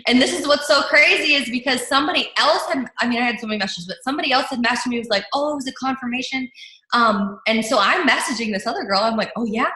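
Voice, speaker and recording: Young woman, higher voice, animated storytelling, lots of fillers, echoey room, video call. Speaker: team leader. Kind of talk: casual leadership talk on a video call. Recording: roomy echo.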